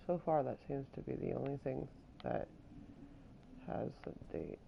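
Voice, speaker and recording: Let's-play commentator, slow and creaky, wry and unhurried. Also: medium pitch, expressive, narrow, tinny audio. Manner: muttering puzzle-solving, wry asides. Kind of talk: casual gameplay commentary.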